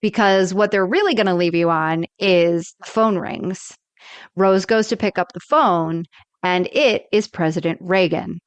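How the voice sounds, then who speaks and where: A woman from Florida co-hosting a podcast, telling stories in an animated way and acting out characters' lines. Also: fairly low pitch, measured pace, clear, resonant tone, no echo. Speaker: podcast co-host. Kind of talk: casual chat.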